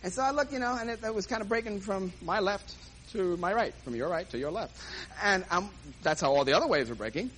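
A man's voice: high-pitched, lively intonation, fast, a bit bright, slight background noise, rough recording. A man comedian telling a self-mocking story on stage and acting out the dialogue. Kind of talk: stand-up storytelling.

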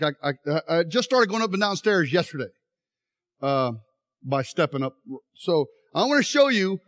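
Preacher, middle-aged man, lively swooping delivery, acts out voices in his stories. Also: high voice. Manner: animated storytelling, acts out voices. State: injured leg, straining. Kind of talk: sermon with live demonstration.

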